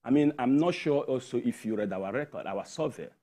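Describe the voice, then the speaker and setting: A man's voice: mid-range voice, expressive, fairly quick, warm tone. A man with a Nigerian accent, a studio guest explaining a point emphatically with figures. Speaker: guest, tech education founder. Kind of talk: studio interview.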